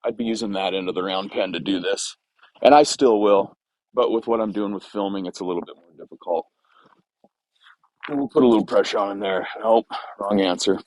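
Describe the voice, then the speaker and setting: A young man speaks in a fairly low voice while training a horse in a round pen outdoors. He explains his method in a relaxed, rambling way, full of fillers and restarts. The sound is dry, with little room echo. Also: a little fast. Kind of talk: casual explanation while working.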